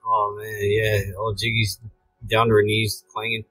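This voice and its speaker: Low, husky guy co-hosting, deadpan one-liners, dry sound. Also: measured pace, no echo, soft background music, low-quality recording. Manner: dry wisecracking asides. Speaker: co-host. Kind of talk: casual chat.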